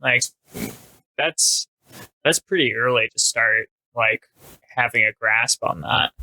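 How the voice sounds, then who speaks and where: A man co-hosting a comedy podcast, speaking casually with wry, deadpan quips and plenty of fillers. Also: medium pitch, takes it slowly, no room sound. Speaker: podcast co-host.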